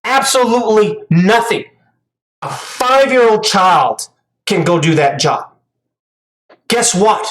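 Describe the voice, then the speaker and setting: A woman's voice: medium pitch, takes it slowly, pauses often, rough recording. A woman commentator giving angry reaction commentary, ranting, profane and scolding.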